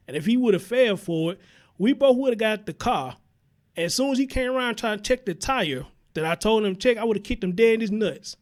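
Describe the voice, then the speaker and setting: Brisk and animated, this man's high voice belongs to a talk show host on a live-stream commentary program. He curses a lot and speaks bluntly and heatedly as he says hello to viewers.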